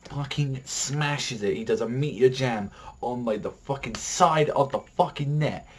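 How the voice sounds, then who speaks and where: A man reviewing an anime episode in a rambling, excitable way, swearing a lot and filling his talk with "like". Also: medium pitch, a little slow, slightly rough.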